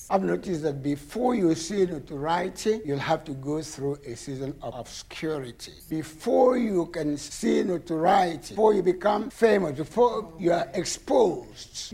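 A man in his sixties preaching a sermon with emphatic shouted bursts and laughing asides. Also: on the high side, gravelly.

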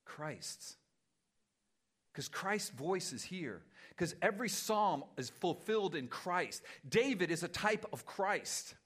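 Male pastor, sermon, conversational, self-deprecating, fairly high voice, bright tone. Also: big pitch swings, slow, slightly rough.

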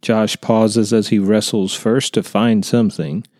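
A man narrating a short story in a calm, measured way. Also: on the low side, no room sound, studio quality.

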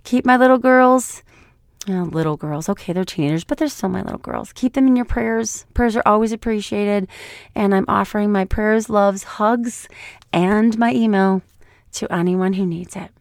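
A middle-aged woman hosting her own podcast, speaking hoarsely after an illness in a raw, blunt and heartfelt monologue. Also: medium pitch, normal speed, darkish tone, no echo. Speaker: podcast host.

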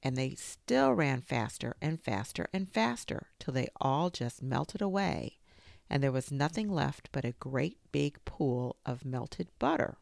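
A woman reads a children's story aloud in an expressive, lilting way. Her voice sits low with a gravelly edge and swings widely in pitch. It is slow and sounds close and dry. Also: no echo.

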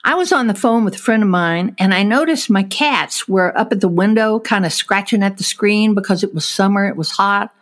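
A woman telling a story in a casual chat, animated, acting out what people said and laughing as she tells it. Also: medium pitch, fairly quick, few pauses. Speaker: storyteller guest.

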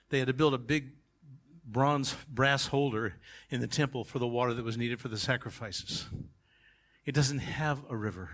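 A male pastor preaching a sermon, emphatic, swinging from quiet asides to shouted climaxes. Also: mid-range voice.

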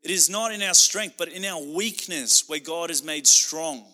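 Bright-voiced man preaching with passion. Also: on the high side, moderate pace, in a large hall. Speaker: pastor. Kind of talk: sermon.

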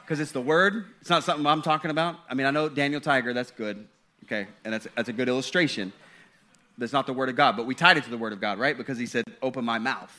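Bright-voiced man preaching with rising fervor. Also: mid-range voice, fast talker. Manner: conversational preaching with repeated restarts, rising to fervent. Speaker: pastor. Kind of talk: sermon.

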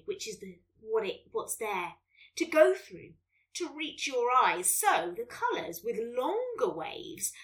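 A woman, hosting a children's podcast and reading a story in a gentle, lively way. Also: on the high side, far from the mic.

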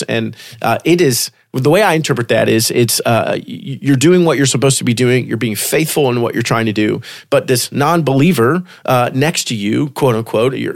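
A man's voice: medium pitch, dry recording, studio quality. A man hosting a Christian podcast, reading an essay aloud and then chatting loosely with a guest, stumbling and restarting often. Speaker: podcast host. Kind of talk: casual faith podcast chat.

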